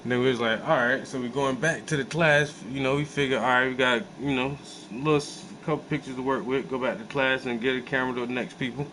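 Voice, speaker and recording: A man's voice: mid-range voice, quick pace, few pauses, slight background noise, poor audio. Laid-back man telling a story with slang. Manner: animated, profane, laid-back storytelling with many fillers. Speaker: host. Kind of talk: casual storytelling.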